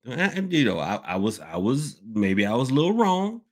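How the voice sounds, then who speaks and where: A man's voice: mid-range voice, big pitch swings, normal speed. A man hosting a casual podcast, rambling, repeating himself and calling his listeners y'all. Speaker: podcast host and hoodoo worker. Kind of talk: casual open-topic podcast talk.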